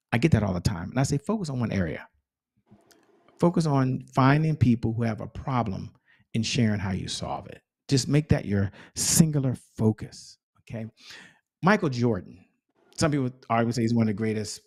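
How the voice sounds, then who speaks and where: A man's voice: mid-range voice, a little mellow. A man speaking as a guest sales coach, giving an enthusiastic motivational talk full of emphatic repetition.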